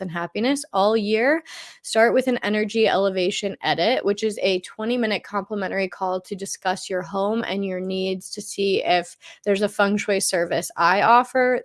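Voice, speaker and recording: A chatty middle-aged woman walks through a monthly feng shui forecast over slides. She thinks aloud as she goes, circling back and repeating phrases while she searches for words, at an ordinary pitch.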